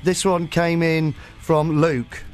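A man's voice: fairly high pitch, little pitch movement, takes it slowly, darkish tone, soft background music. A man co-hosting a crude comedy podcast, laughing through his lines and reading with mock drama. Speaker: podcast co-host.

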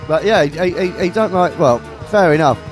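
A man's voice: a little high, expressive, a little fast, music in the background. A man hosting an internet radio show, chatting and joking in a self-mocking way. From Scunthorpe, England. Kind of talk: casual chat on a radio show.

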